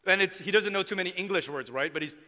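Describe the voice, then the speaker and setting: A man preaching as a pastor, telling a story in an animated, conversational way and acting out the voices he quotes. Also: high-pitched, fast talker, long reverb tail. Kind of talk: sermon storytelling. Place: church sanctuary.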